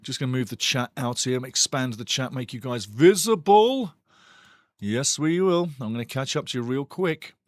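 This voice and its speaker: A man hosting a live football watch-along stream, chatty and excitable as he greets his chat and reads out the lineups. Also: mid-range voice, moderate pace, dry recording, studio quality. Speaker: watch-along show host.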